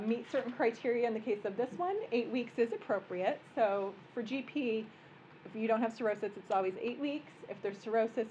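Lady doctor giving a chatty workshop talk, bit of a high voice, faint hiss behind. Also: darkish tone, highs cut off. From American Midwest. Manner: conversational and joking, explaining plainly. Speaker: physician lecturer. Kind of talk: medical workshop lecture. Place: conference room.

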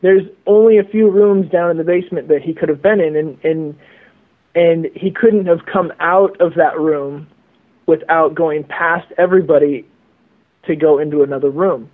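A man's voice: a little high, steady tone, normal speed. A man telling a story as a guest over the phone, rambling and repeating words. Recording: tinny phone line.

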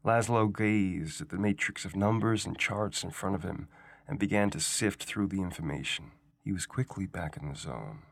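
A man reading a science-fiction short story aloud as guest reader, in a measured, unhurried storytelling style, on a close studio mic. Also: low-pitched, gravelly. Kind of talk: scripted narration.

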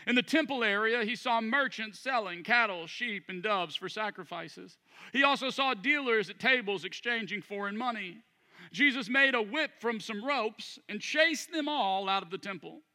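A man pastor preaching to a congregation, his voice high and very bright. He moves between prayer, scripture reading and animated, jokey storytelling. The sound carries a long church-hall reverb. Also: moderate pace. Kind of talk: sermon. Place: church room before a congregation.

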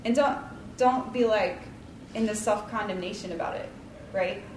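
A woman's voice: mid-range voice, normal speed, slight background noise. A woman leading a casual devotional talk, chatty and rambling, with lots of likes and ums and a self-deprecating tone. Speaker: Bible study leader. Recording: roomy, distant mic, faint ambience.

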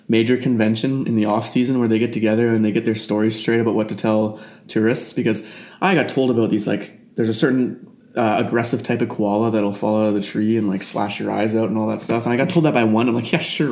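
A man chatting casually, joking quickly in easy banter. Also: fairly low pitch, fairly even intonation, darkish tone. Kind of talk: casual chat. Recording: roomy echo.

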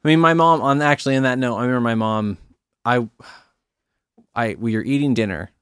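A man's voice: medium pitch, fairly quick, a bit bright, smooth, dry recording, studio quality. A young man hosting a podcast, casually telling a personal story and acting out quoted voices. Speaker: podcast host. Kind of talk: casual chat.

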